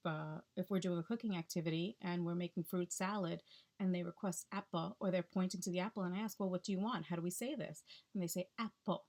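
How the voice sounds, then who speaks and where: A woman's voice: fairly low pitch, darkish tone. A woman speech-language pathologist explaining techniques in a chatty, instructional way, checking in with the listener often.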